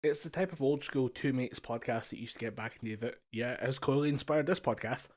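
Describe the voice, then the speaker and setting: A man's voice: mid-range voice, fast. A man in a home setup chats easily with his podcast co-host in a mid-range voice. He leans on filler phrases and laughs readily. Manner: easygoing, laughs often, uses filler phrases. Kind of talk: casual chat. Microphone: home mic over a voice call.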